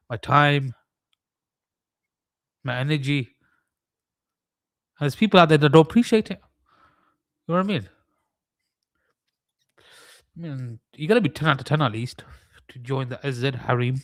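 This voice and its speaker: A man's voice: on the high side, dry recording. A young man hosting a live trading stream, mixing chart analysis with rambling, mock-serious joking rants.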